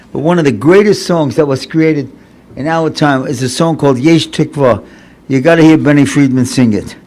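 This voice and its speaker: A man in his seventies, a rabbi giving an inspirational sermon in an earnest, conversational way, often repeating phrases for emphasis. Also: a little high. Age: 70s. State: recovering from paralysis, slightly impaired speech. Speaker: rabbi and lecturer.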